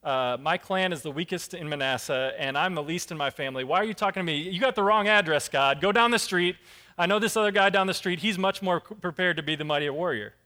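A man's voice: on the high side, fairly quick, hardly any pauses, sharp tone, in a large hall. A man voicing a nervous, doubting young man who pleads with God. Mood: doubtful.

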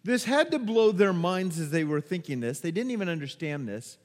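High-voiced pastor in a reverberant hall. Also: male voice, normal speed. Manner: animated storytelling, acts out quotes, laughs at himself. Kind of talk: sermon with a personal story.

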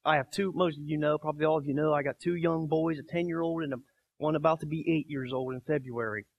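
A pastor in his thirties preaching a sermon, emphatic, swinging between soft quoted lines and loud barking. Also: a little high, steady tone, fast talker, gravelly, muffled recording.

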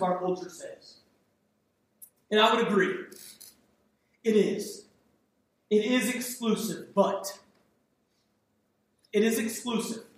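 A man preaching a sermon as pastor, in a conversational, emphatic way with frequent repeats and restarts. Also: extremely high pitch. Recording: echoey hall, speaker far from the mic.

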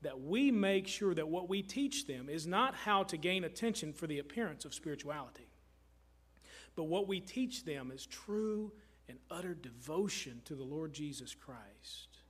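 A middle-aged man from Kentucky delivers a sermon from the pulpit. His voice sits high for a man, and his earnest, emphatic delivery leans on repetition to drive each point home. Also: animated, normal speed, fairly bright tone, husky. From Kentucky, USA. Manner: earnest, emphatic preaching with repeated phrases. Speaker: pastor.

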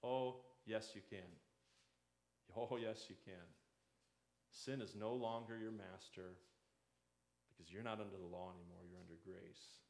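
A man's voice: lowish voice, steady tone, unhurried, vocal fry, long pauses, darkish tone, roomy sound. A man preaching a conversational sermon as a pastor, slipping into the voices of doubters and critics.

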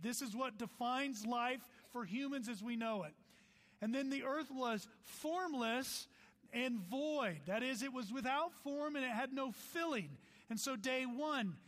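A man preaches with a high, bright voice that rises and falls eagerly. He breaks off for playful asides and read-out quotes. His words carry long reverb through a large hall. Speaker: pastor. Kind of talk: sermon.

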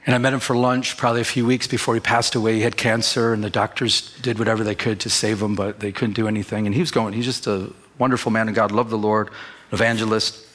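A man's voice: on the low side, quick pace. Man preaching a personal story. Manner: storytelling, animated when quoting himself. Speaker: pastor. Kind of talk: sermon.

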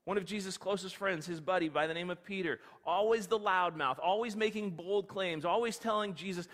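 A man preaching a sermon, telling the story in an animated, conversational way. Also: high voice, a little fast, few pauses. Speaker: pastor. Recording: long hall reverb.

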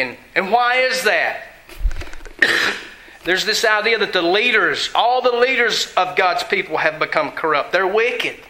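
A man's voice: high-pitched, pushed and bright, reverberant, low-quality recording. A man preaching a sermon in an earnest, conversational way, often asking his listeners questions.

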